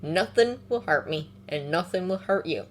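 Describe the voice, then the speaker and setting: A woman voicing a gentle, protective grown man who speaks in a soft, unhurried, comforting way. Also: on the low side, expressive, slight background noise, close to an everyday voice. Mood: tender.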